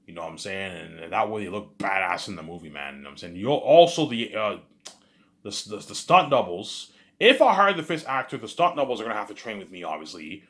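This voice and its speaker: Man, deep low voice, rambling, repetitive, casual vlog talk. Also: big pitch swings, a little fast, fairly bright tone. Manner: rambling, many repeats and filler phrases. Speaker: vlogger. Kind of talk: rambling monologue.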